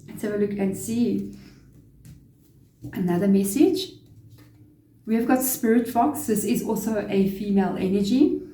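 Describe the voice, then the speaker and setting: Mellow-voiced woman reading tarot. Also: medium pitch, echoey room. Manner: chatty, relaying spirit messages, quick laughs. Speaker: tarot reader. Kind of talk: casual tarot reading to camera.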